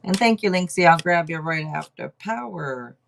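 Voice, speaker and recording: A woman's voice: on the low side, lively intonation, normal speed, creaky, a little hiss or hum. A woman hosting a casual livestream tarot reading, chatty, thinking aloud and laughing often. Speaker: tarot reader host.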